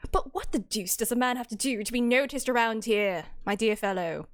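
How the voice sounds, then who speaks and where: A woman voicing an eccentric gentleman detective, reading game dialogue with grand, pompous, old-fashioned phrasing. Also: a little high, fairly quick, dry recording, studio quality, lightly acted.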